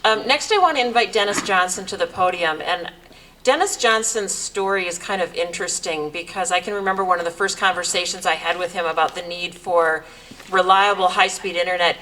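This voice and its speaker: A woman at a podium tells a short story to introduce the next speaker. Her voice sits at a middle pitch and her delivery is relaxed and conversational. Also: a little hiss or hum, low-quality recording. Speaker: event host introducing speakers.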